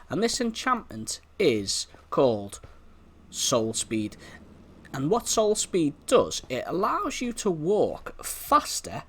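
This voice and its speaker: Chatty Liverpool man with a lively voice. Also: mid-range voice. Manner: chatty, rambling, talks to in-game animals. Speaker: gameplay video host. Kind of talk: casual gameplay commentary.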